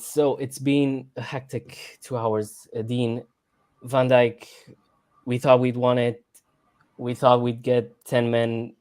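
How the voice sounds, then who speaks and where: A man's voice: medium pitch, darkish tone, clean tone. Stammering, rambling football livestream host man. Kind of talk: casual football podcast chat. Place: home room, lives abroad.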